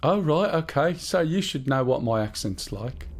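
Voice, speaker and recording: A man's voice: mid-range voice, expressive, moderate pace. A man with a Black Country accent chatting casually and rambling to himself while he streams a game. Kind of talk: casual live-stream gaming chat.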